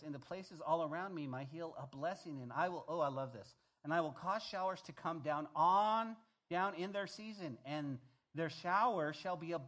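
A man's voice: on the high side, a bit bright. An older man preaching a sermon, reading scripture aloud and breaking off into conversational asides and stories for his congregation. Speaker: pastor.

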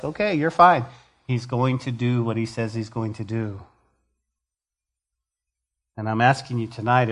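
A man preaching a sermon as pastor, reading scripture and rising to emphatic, passionate preaching. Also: medium pitch.

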